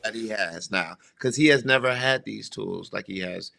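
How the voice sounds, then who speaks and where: Brief: man co-host, gravelly edge, bright tone, sure of his takes. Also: on the low side, moderate pace. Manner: confident, emphatic, repeats his points. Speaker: podcast co-host. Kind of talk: casual chat.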